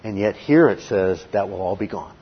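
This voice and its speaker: A man's voice: deep voice, animated, moderate pace, slightly rough. A man preaching a verse-by-verse sermon as a Bible teacher, emphatic, reading scripture and asking and answering his own questions. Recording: dull lo-fi recording.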